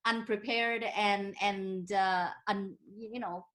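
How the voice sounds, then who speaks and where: A woman's voice: medium pitch, fairly even intonation, slow, fairly bright tone. A woman hosting a casual interview over a video call, speaking earnestly with some restarts. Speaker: host.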